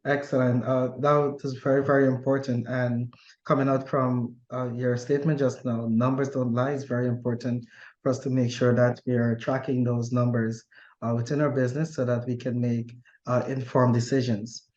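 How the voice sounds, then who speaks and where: A man hosting a business interview, affirming his guest and pausing often on "uh" as he builds his questions. His voice sits at a middle pitch. The sound is roomy and a little dull, as if picked up from the room. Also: flat delivery, darkish tone. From Guyana. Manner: affirming and deliberate, with many "uh" pauses. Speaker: interview host, business coach.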